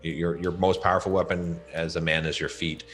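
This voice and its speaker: A man's voice: low-pitched, level tone, brisk, a bit bright, soft background music. A man talking as a podcast guest, giving blunt, emphatic advice and often repeating words. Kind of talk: casual advice talk.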